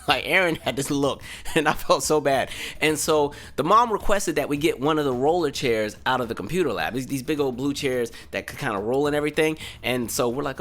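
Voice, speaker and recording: A young man hosting a podcast and telling a funny story. His voice sits a little high, and his pitch swings widely as he acts out other people's voices. Soft music plays underneath. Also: animated, fast. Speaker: podcast host. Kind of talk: comedic storytelling. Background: faint background music.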